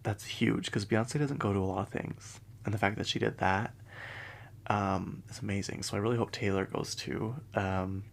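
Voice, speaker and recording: A man hosting a casual pop-culture commentary podcast, chatty and full of fillers, often dropping into hushed asides. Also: lowish voice, steady tone, moderate pace, vocal fry, a little hiss or hum. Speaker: podcast host.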